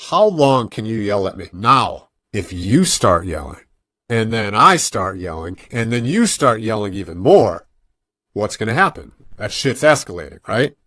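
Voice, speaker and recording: Animated man telling coaching stories. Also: fairly low pitch, a little slow, no echo, studio quality. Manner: animated storytelling, acts out quoted voices. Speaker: guest jiu-jitsu coach. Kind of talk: casual podcast interview.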